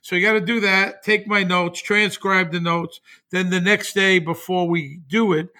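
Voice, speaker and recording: A man's voice: sits high, steady tone, normal speed, sharp tone. A man speaking as a podcast guest in casual chat, with wry, chuckling asides.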